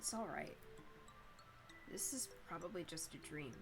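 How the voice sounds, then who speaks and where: A woman voicing a quiet, aloof teenage ghost boy in a visual novel, speaking in measured, matter-of-fact tones. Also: low-pitched, animated, music in the background, pitched below the performer's own voice. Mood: calm. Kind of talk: reading a visual novel aloud.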